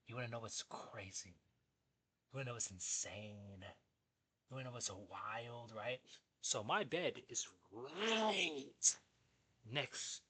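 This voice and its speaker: A young man telling a story in a casual, animated, profane way, jumping between asides. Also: medium pitch, husky. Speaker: vlogger.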